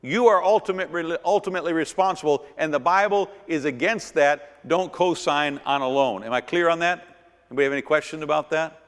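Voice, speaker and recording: A middle-aged man teaches a church finance seminar with a fairly high-pitched voice. He drives his points home by repeating words and asking the audience rhetorical questions. His voice carries a long reverb from a church hall. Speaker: pastor and seminar speaker.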